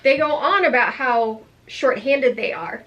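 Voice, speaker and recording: A woman's voice: on the high side, measured pace, fairly bright tone, highs cut off, slight background noise. A woman co-hosting a casual book chat, adding dry teasing quips and laughing along. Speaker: book vlogger co-host.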